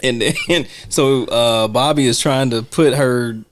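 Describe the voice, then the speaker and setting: A man co-hosting a casual film discussion podcast, relaxed and laughing as he retells scenes. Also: mid-range voice, slow pace, a little hiss or hum. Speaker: podcast co-host.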